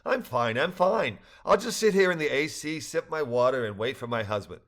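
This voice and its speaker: A woman's voice: very deep voice, lively intonation, normal speed. A man voicing an older woman from New York with a Brooklyn accent, politely reassuring and repeating herself.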